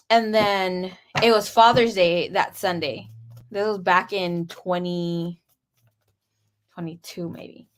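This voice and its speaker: A woman's voice: fairly low pitch, noisy background. A young woman and tarot reader telling a personal story in a casual, candid and dramatic way, with frequent swearing.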